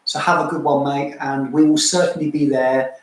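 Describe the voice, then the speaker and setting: A man's voice: mid-range voice, steady tone, moderate pace. A chatty man co-hosts a casual livestream, bantering and thanking viewers by name. His voice sits in a very echoey room at home. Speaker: co-host of a fragrance channel livestream.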